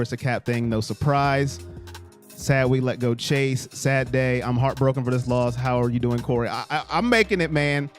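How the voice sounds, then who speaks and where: A man hosting a casual live stream, talking through viewer chat in a rambling, talkative way. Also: mid-range voice.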